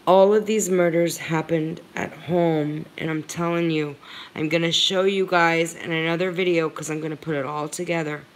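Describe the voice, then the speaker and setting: A woman hosting a livestream, talking to her viewers in an earnest, heartfelt and emphatic way. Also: low voice. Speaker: livestream commentator. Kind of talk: emotional commentary livestream.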